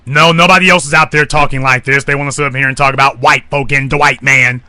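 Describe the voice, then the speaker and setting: Forceful ranting man commentator. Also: mid-range voice, fairly even intonation, fast, no echo. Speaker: online commentator. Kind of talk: monologue broadcast.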